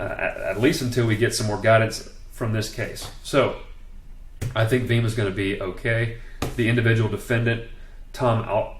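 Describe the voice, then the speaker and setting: Emphatic man in an echoey room. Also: on the low side. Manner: opinionated, emphatic, many restarts. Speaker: commentator on network marketing law. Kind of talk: casual spoken commentary.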